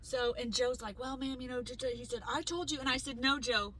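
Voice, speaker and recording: A woman co-hosting a podcast, telling a story in casual chat, animated and swearing freely as she acts out what people said. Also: sits high, brisk, poor audio. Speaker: podcast co-host.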